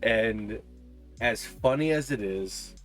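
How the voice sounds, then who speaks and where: A man runs a tabletop game, narrating the action in a fairly low voice. He often hesitates with ums and uhs as he describes each scene. Soft music plays quietly underneath. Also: takes it slowly. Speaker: game master.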